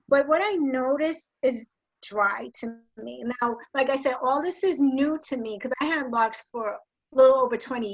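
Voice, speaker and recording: A woman caller giving a measured, slightly hesitant rundown of her hair situation. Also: fairly high pitch, muffled recording. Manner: measured, explanatory, a bit hesitant. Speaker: caller asking for hair advice. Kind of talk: casual video call chat.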